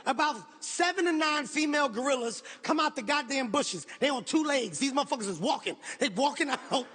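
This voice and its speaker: A man performing stand-up comedy on stage, telling a story in a loud, animated, profane way. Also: extremely high pitch, brisk, hardly any pauses. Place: stage before a live audience. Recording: echoey hall, faint noise.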